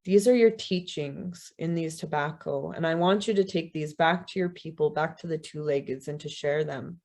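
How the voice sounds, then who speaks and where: A woman telling a story puts on a wise male crow, patient but insistent, who speaks in a plain, low-set, conversational way. He urges and reassures rather than commands, dropping in casual "you know"s as he talks. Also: normal speed, darkish tone. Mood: earnest.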